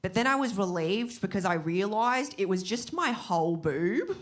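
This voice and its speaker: A woman's voice: mid-range voice, sing-song, normal speed. An Australian woman doing stand-up comedy into a handheld mic, teasing the audience with incredulous questions and laughing as she talks. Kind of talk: stand-up crowd work. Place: comedy venue with a live audience. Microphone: handheld microphone. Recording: live club recording, loud crowd noise.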